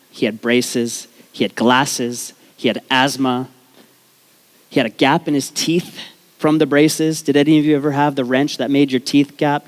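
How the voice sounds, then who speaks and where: A young man from Canada, telling a comic personal story on stage before a live audience, joking at his own expense and swearing freely. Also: mid-range voice. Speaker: speaker at a storytelling event. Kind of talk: comedic personal storytelling talk.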